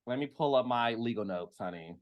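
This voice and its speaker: A sassy man dishing reality TV gossip to his viewers, his voice swooping all over from low asides up to high exclamations. He takes his time with the words, unhurried even when he gets dramatic. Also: dull audio. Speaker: host of a reality TV gossip show. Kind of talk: animated casual commentary.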